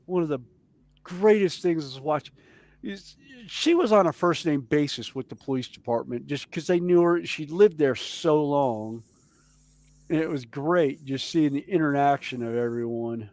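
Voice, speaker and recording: A man with a Southern US accent telling stories in a casual chat, animated and chuckling as he goes. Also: fairly high pitch, unhurried, no echo. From Southern United States. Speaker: podcast co-host.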